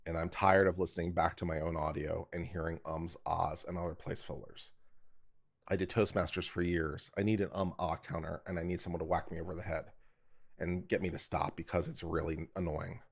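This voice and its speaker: A man with a very low voice talks through legal points on his live stream. He explains carefully and often stops to critique his own delivery in a loose, chatty way. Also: flat delivery, brisk, gravelly. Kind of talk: casual live-stream commentary.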